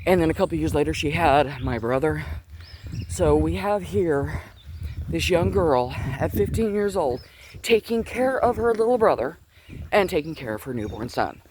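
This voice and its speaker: A man's voice: fairly high pitch, animated, normal speed, background noise. A middle-aged man, a little out of breath, walking outside and rambling earnestly through a personal faith story, with many restarts. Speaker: faith vlogger. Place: outdoors, walking on a chilly day. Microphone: Bluetooth earpiece.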